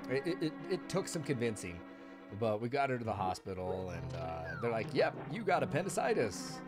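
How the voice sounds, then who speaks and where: A man's voice: fairly low pitch, moderate pace. A man streaming a video game, telling a long story in casual chat, rambling and laughing with plenty of fillers. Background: faint video game music.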